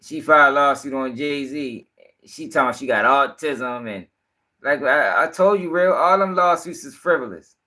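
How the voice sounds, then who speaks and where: A man's voice: medium pitch, moderate pace, bright, forceful tone. A young man giving rambling, profane casual commentary on a livestream.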